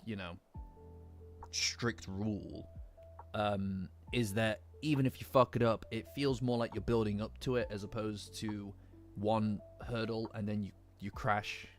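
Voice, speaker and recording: A man with a lingering cough, chatting casually and rambling with his live-stream audience, swearing now and then. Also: lowish voice. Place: cold room at home. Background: faint lo-fi music.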